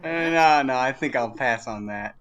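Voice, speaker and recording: A man playing a tabletop game, speaking in a polite, measured way. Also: mid-range voice, fairly bright tone, dull audio. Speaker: player.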